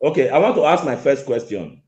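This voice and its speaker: A man's voice: medium pitch, lively intonation, fairly quick, darkish tone. A man calling in to a show with an angry complaint, repeating himself and talking over the host. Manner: repetitive, insistent, interrupting. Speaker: caller. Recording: echoey lo-fi phone call.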